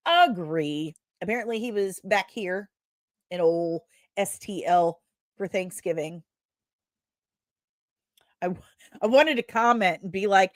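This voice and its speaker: Woman host reading chat comments out loud, chatty, lots of asides, dry sound. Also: medium pitch, animated, dry recording. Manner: chatty, quick asides, often laughing at herself.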